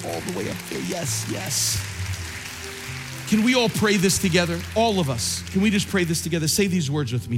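A male pastor preaching a sermon and altar call, passionate and repetitive, swinging from soft pleading to shouting. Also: high-pitched, sing-song, moderate pace, in a large hall, music in the background. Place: large church.

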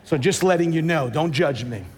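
A man's voice: on the high side, normal speed, a little mellow, husky, in a large hall. A man preaching a sermon as pastor, emphatic and repeating words as he builds his points.

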